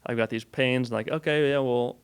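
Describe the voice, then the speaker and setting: A man's voice: medium pitch, steady tone, moderate pace, smooth. A young man telling a story casually as a podcast guest, rambling with lots of "like". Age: young adult. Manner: rambling, says "like" a lot, laughs through his story.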